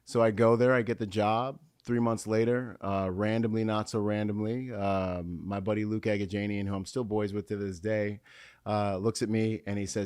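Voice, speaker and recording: A man with a deep, low-pitched voice talks as a guest on a podcast panel. He tells his story candidly and in an animated way, with frequent fillers and restarts. The recording is dry and close. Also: brisk, clear, resonant tone, no room sound. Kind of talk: conversational storytelling.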